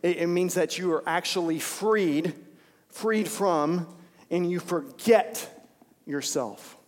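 A man's voice: high voice, slow. A man preaching an informal, conversational sermon, repeating phrases for emphasis. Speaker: pastor. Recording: long hall reverb.

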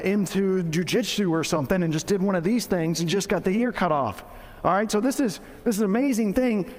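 A man's voice: sits high, in a large hall. A man preaching a sermon in a casual, joking way, often restarting his sentences. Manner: conversational, joking, with frequent restarts. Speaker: pastor.

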